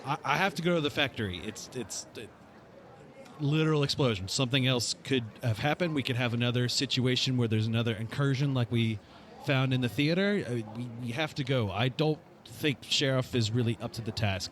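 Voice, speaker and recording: A man playing in a tabletop game, talking earnestly and quickly in character. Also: medium pitch, a little hiss or hum. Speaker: player. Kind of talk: casual tabletop role-play.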